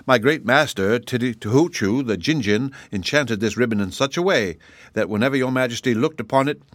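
A man voicing a calm, stern male dragon who speaks quietly and deliberately. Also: medium pitch, dry recording, lightly acted.

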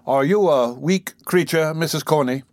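A man's voice: a little high, moderate pace, dry recording, close to an everyday voice. Man doing a pompous parish beadle. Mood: courting. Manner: pompous, grave, blustering. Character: pompous self-important male parish beadle.

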